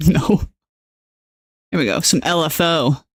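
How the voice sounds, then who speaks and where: A woman's voice: low voice, takes it slowly, slightly rough, no room sound. A woman chatting casually on her livestream at home, laughing often and talking in a bubbly way. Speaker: streamer.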